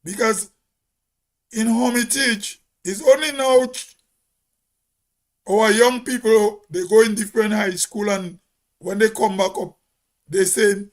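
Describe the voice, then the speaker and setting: High, slow-talking Grenadian man. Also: fairly even intonation. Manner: emphatic, repeats words for stress. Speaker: host. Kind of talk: casual monologue.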